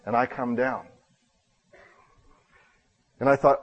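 A man preaching a sermon as a pastor, telling a personal story with acted-out dialogue and self-deprecating asides, with loud emphatic bursts. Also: medium pitch, brisk, highs cut off.

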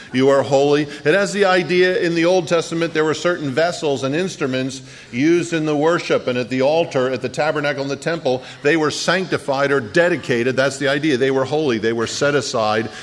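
A man preaches a sermon in a church, his voice carrying with a long reverb through the hall. He delivers it earnestly, drawing out key phrases and hurrying through asides, at an ordinary pitch for a man. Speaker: pastor.

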